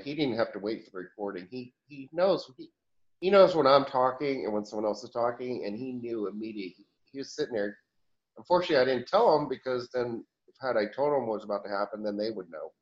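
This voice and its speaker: A man speaking as a channeled higher self in a question-and-answer session, rambling with restarts and chuckles. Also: muffled recording.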